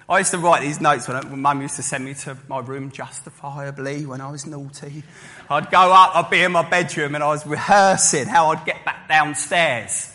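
Male preacher, bright clear voice, storytelling sermon, echoing hall. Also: a little high, steady tone, normal speed. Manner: storytelling, acting out voices of listeners. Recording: long hall reverb.

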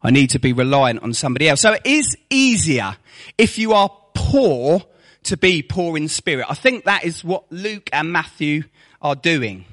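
A man's voice: on the high side, sing-song, normal speed, a bit bright. A man preaching a sermon to his congregation, with rhetorical questions and mocking asides.

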